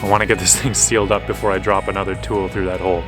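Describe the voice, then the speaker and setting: A man's voice: deep voice, flat delivery, racing, over music. A man rambling to his camera as he vlogs casually outdoors, stopping and restarting and laughing at his own troubles. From Canada. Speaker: vlogger living on a boat. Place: outdoors on the water and at a horse paddock. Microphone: camera mic.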